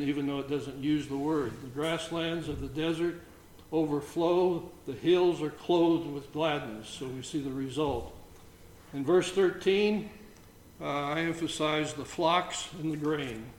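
Slow-talking man leading a Bible study. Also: a little high. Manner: reads scripture aloud between halting comments. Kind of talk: informal Bible study reflection. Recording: roomy echo, faint background noise.

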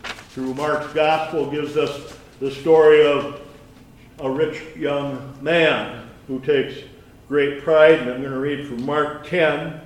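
A man giving a conversational sermon with scripture reading, folksy and halting, with many restarts and asides. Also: on the high side, fairly even intonation, slight background noise. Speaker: lay preacher. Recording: echoey room from far off.

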